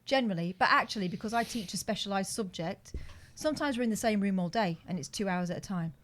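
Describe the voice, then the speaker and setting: A woman's voice: mid-range voice, fast, fairly bright tone, slight background noise. A woman, a teacher, co-hosting a casual podcast chat, explaining things earnestly and pushing back when she is teased.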